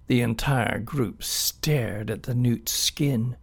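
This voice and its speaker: A man reading a children's animal story aloud in an expressive, unhurried way. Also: mid-range voice, gravelly, breathy edge.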